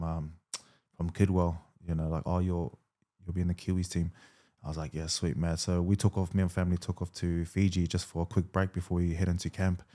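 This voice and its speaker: A man in his thirties, a rugby league player, telling his story in a relaxed interview, full of fillers and quoted dialogue. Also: deep voice.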